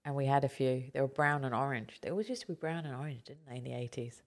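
Low-voiced British woman, playfully indignant. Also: quick pace. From Britain. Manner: playful, mock-indignant, chatty. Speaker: organizing expert, co-host. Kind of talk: casual chat.

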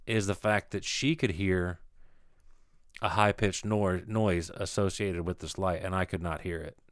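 A man co-hosting a podcast in casual chat, relaxed and quick with short agreeing replies. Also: low voice, dry recording, studio quality. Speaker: podcast co-host.

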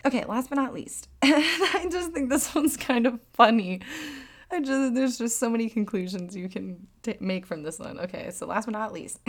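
A woman's voice: fairly high pitch, moderate pace, music in the background. A woman hosting a solo podcast in casual chat, rambling and giggling often, with self-deprecating humor. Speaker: podcast host.

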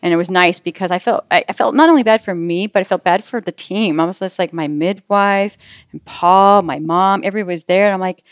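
Fast-talking animated woman. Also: on the low side, no echo, clean studio sound. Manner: animated storyteller, acts out quotes. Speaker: guest recounting her birth story. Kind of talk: casual chat.

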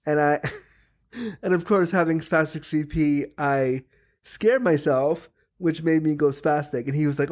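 Animated, laughing man host. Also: on the high side, moderate pace. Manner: animated, laughs often, trails off and restarts. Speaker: podcast host; power wheelchair user. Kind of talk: casual chat.

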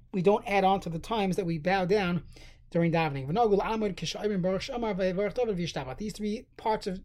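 A man giving a halacha lesson, reading Hebrew text aloud and then explaining it in plain English, at a steady teaching pace. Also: sits high. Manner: steady explanatory tone with fillers and restarts. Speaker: Torah teacher.

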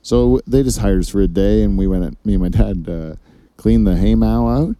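A podcast host with a fairly low, mellow voice tells long, rambling stories packed with swearing on a casual comedy podcast, speaking at a moderate pace.

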